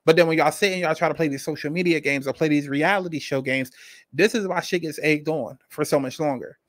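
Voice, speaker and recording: A man commenting on reality-show drama in a blunt, casual way, speaking straight to his viewers. His voice sits a little high for a man and sounds dry and close, with no room around it. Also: fairly quick, no echo. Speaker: commentary channel host.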